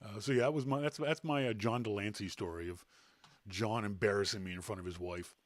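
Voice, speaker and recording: A man hosting a podcast, telling a self-deprecating anecdote in a casual, animated way. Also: fairly low pitch, brisk, no room sound. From Canada. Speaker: podcast host. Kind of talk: casual storytelling.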